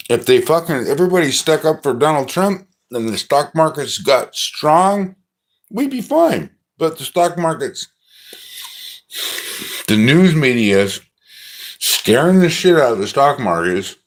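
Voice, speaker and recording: A middle-aged man ranting profanely on a livestream, agitated and scoffing. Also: medium pitch. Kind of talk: ranting monologue.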